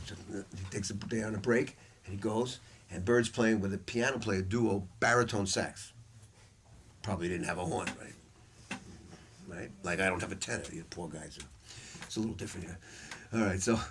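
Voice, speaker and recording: A man's voice: on the low side, moderate pace, a bit bright, slight background noise. A man teaching a saxophone masterclass to students in a music store, telling stories bluntly and swearing freely. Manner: blunt, profane, storytelling.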